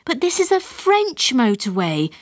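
A woman putting on a shrill, whiny mother. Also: wildly swooping pitch, unhurried, dry recording, clean studio sound, exaggerated voice. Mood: whining. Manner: shrill and complaining. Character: anxious, whiny middle-aged English mother.

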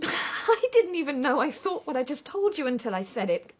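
Young bride, played by a woman: high, breathy, earnest, bouncy pitch. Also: big pitch swings, moderate pace. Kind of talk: stage or radio play acting.

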